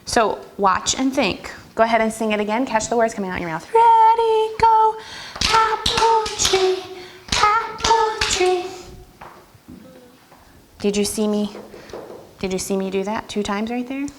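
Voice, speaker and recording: Leading first graders in music, a woman teacher speaks firmly, clearly and fairly quickly, sometimes slipping into a sung or high voice to show a rhythm. The recording is very noisy.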